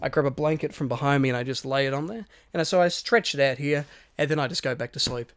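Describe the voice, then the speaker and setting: A man, co-hosting a podcast, telling a story in lively casual chat, swearing and acting out quotes. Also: mid-range voice, fast talker, clear, resonant tone, soft background music. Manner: animated storyteller, swears a lot, acts out quotes. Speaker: podcast co-host.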